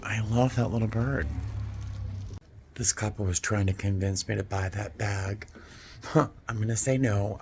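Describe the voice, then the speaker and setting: A man vlogging from inside an antique store, gushing excitedly over finds and often dropping to a whisper to himself. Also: fairly low pitch, vocal fry, slight background noise. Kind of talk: casual vlog commentary.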